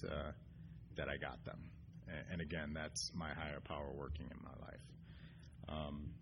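A man with a very low voice speaks at a recovery meeting, earnest and halting. He stops and restarts often and fills pauses with ums. A faint noise sits under the recording. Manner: earnest, getting choked up. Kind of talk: personal recovery share. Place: meeting room.

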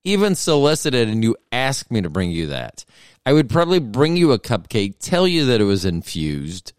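A middle-aged man hosts a podcast, his mid-range voice sing-song at a moderate pace. He spins a rambling, self-interrupting comic story in a clean tone, recorded at studio quality without room sound.

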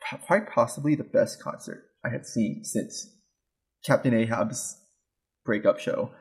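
Man, mid-pitch voice, casual chat, halting delivery, co-host. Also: a little mellow. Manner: halting, with restarts and fillers.

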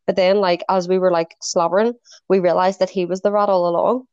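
A woman's voice: fairly low pitch, level tone, brisk, darkish tone, clear, resonant tone, dry recording, lo-fi sound. A woman in her twenties co-hosting a podcast, chatting casually, swearing freely and filling her talk with "like". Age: 20s. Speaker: podcast co-host. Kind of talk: casual chat.

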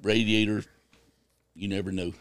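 A man's voice: fairly low pitch, little pitch movement, normal speed, no room sound. A man co-hosting a podcast in casual chat. He agrees readily and adds short remarks. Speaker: podcast co-host.

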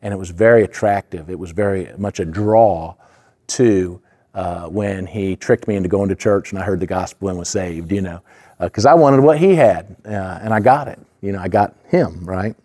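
A man's voice: deep voice, moderate pace, mellow. A man preaching a sermon in an earnest, conversational way, full of asides and fillers. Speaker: pastor.

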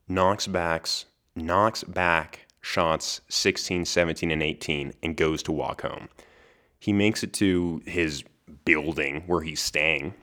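A young man hosts a podcast alone, spinning a story with a very deep voice. He talks casually, tripping over a word now and then and laughing between lines. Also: a bit bright. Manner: chatty, laughs between lines, restarts words. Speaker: podcast host.

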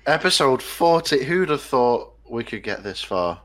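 Lively, dry-humoured young man. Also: medium pitch, a little slow. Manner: dry, mock-indignant. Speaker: podcast co-host. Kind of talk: casual chat.

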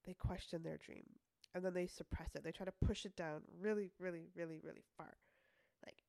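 A woman with a slightly low voice talks casually through a self-help episode. She is chatty, laughs easily and slips into playful quoted voices. The sound is dry and close, with no room around it. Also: steady tone, fairly quick, gravelly, warm tone, no echo. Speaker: podcast host.

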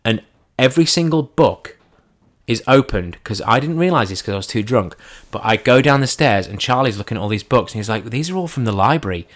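A man telling a first-person anecdote in an animated way, acting out his own lines and his friends' lines as he goes. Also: medium pitch, fairly quick. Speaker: storyteller.

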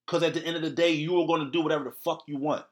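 A man's voice: a little high, fairly even intonation, rapid-fire. A man hosting a solo podcast, lecturing his listeners in a blunt, heavily profane rant. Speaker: podcast host.

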